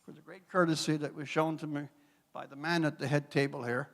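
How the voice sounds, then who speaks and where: Speaking fairly quickly with fairly even intonation, a high-voiced Newfoundland man addresses a gala banquet hall as guest speaker at an after-dinner event. The long reverb of the big space echoes around his wry, dramatic storytelling and rhetorical flourishes.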